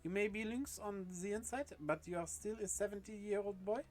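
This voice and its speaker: A woman's voice: mid-range voice, moderate pace, darkish tone, faint music behind, natural voice. A woman voicing a bossy, teasing young woman in a game, speaking firmly.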